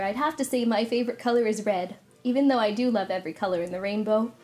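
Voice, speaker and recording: A woman's voice: fairly high pitch, darkish tone, natural voice. Belle, a woman playing a sweet storybook princess. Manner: sweet, slow teacherly cheer. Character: gentle storybook princess, young woman, kind. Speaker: party character performer. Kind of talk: storytime narration to children.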